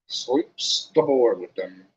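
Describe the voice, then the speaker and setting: A man voicing an older schoolboy team captain who brags in a careless, slow way. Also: mid-range voice, lively intonation, low-quality recording. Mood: bragging.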